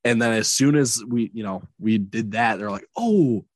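A man's voice: lowish voice, fairly even intonation, moderate pace, no echo. A man co-hosting a sports podcast, chatting casually and joking in banter. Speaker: podcast co-host. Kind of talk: casual chat.

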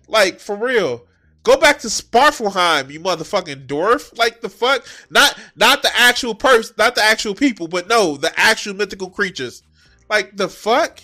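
A man mocking a clip in a profane, animated reaction commentary, cursing and laughing at the speaker. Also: high-pitched, normal speed, soft background music. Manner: mocking, animated, swears heavily.

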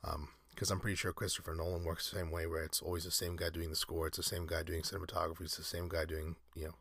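A man's voice: sits low, little pitch movement, quick pace, vocal fry, a bit bright, no echo, clean studio sound. A man reading aloud in a casual podcast, often breaking off into rambling, self-correcting asides. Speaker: solo podcaster.

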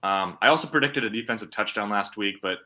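A man's voice: fairly low pitch, bright, forceful tone. A man co-hosting a casual sports podcast, rambling and joking at his own expense as he talks through his picks. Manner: quick, rambling, self-deprecating.

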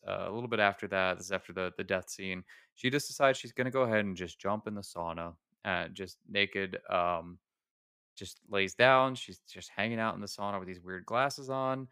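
A man co-hosting a podcast, rambling through a movie scene with laughs and quick bursts of acted-out dialogue. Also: lowish voice, bright, forceful tone, clear, resonant tone, no echo, clean studio sound. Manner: rambling, laughing, acts out characters' lines. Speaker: podcast co-host. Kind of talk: casual chat recapping a movie.

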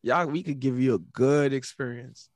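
A man chatting casually on a podcast, animated, restarting and repeating words as he talks. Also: mid-range voice, moderate pace, no echo. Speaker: podcast co-host. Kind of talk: casual chat.

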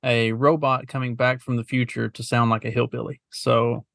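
A man talks in a relaxed, wandering way as a podcast co-host. His voice sits mid-range and sounds dry and close. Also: medium pitch, moderate pace, vocal fry, no echo. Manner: laid-back, meandering. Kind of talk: casual chat.

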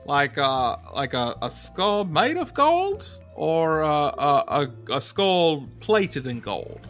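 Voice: medium pitch, big pitch swings, moderate pace, a bit bright, faint music behind. A game master voicing a folksy old male shopkeeper with an odd accent, who drawls and hesitates with many uhs, in a tabletop game.

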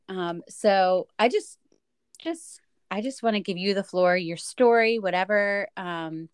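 A woman's voice: fairly low pitch, smooth, dry recording. A woman hosting a casual podcast interview, chatty and rambling, with many fillers. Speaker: podcast host.

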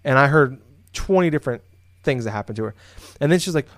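A man's voice: medium pitch, animated, fast talker, fairly bright tone, dry recording. A man with a mid-range voice tells a story in casual podcast chat, full of fillers and restarts. The sound is dry and close, recorded at home. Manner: rambling, lots of fillers and restarts. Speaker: podcast co-host. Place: home office, indoors.

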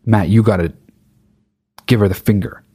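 A man's voice: fairly low pitch, moderate pace, husky, dry recording. A man voicing his angry father, who swears and stammers with rage while driving. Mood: furious. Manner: shouting profanity, stammering with rage. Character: furious middle-aged dad yelling from the driver's seat.

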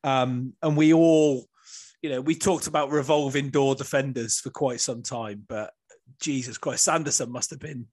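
A man hosting a rugby podcast in casual banter, joking and swearing freely. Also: mid-range voice. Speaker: podcast host.

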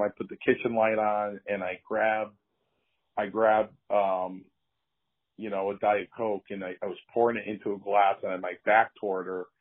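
A man's voice: fairly low pitch, slightly rough. An older man, a retired wrestler, telling casual anecdotes and acting out the voices of the people in them. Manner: animated anecdotes, acts out quoted voices. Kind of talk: casual storytelling. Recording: tinny phone-like line.

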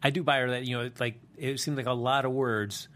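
A man's voice: mid-range voice, steady tone, fast talker, a bit bright. A man co-hosting a TV recap show in casual chat, sounding exasperated and opinionated.

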